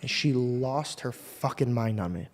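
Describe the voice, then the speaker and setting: A man hosting a podcast, telling a personal story in a casual, profane, animated way. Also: mid-range voice, measured pace. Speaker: podcast host.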